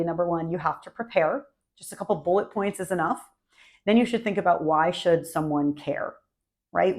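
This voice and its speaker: Woman, coach teaching to camera, gravelly, lowish voice, upbeat and conversational, punchy phrasing. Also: darkish tone. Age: adult, married. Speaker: marketing coach. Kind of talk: direct-to-camera tips video.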